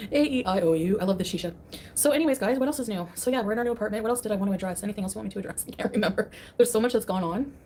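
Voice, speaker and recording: Brief: fast-talking woman streamer, scornful and casual, faint background hiss. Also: medium pitch, warm tone. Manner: dismissive, scoffing. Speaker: livestreamer. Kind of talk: casual livestream chat.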